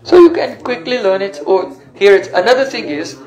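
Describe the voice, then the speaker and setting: A man with a fairly high voice gives a spiritual lecture, explaining terms carefully and pausing on "uh" and "um" as he searches for words. His voice rings in an echoey room. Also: lively intonation, a little mellow. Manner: explanatory, with fillers and self-corrections. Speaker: teacher of scripture.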